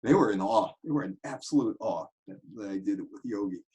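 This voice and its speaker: A man telling anecdotes, animated and switching voices for quotes. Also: on the low side, fairly quick, low-quality recording. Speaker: commentator telling stories. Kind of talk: casual storytelling monologue.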